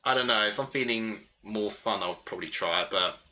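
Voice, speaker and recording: A man's voice: lowish voice, brisk, pushed and bright. A young man hosting a live football watchalong stream, calling the play and chatting with viewers as he thinks aloud. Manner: chatty, thinking aloud, answering chat between play calls. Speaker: livestream host.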